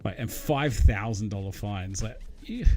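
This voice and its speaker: A man's voice: on the low side, measured pace, a little mellow. Chatty Australian man, rambling live stream. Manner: rambling, chatty, many fillers, addresses viewers by name. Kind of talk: casual live-stream chat while building.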